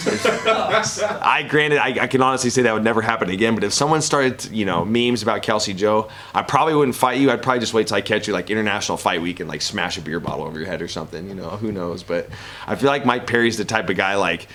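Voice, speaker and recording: Laid-back low-voiced man at media day. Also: animated, fast talker, fairly bright tone. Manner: casual, rambling, laughs often, frequent restarts. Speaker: professional fighter and analyst. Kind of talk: media interview answers.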